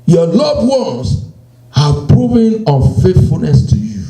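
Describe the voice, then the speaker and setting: A man preaching a sermon, slow and emphatic, repeating phrases and quoting scripture. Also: fairly high pitch, huge pitch swings, dark tone, roomy sound, low-quality recording. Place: church.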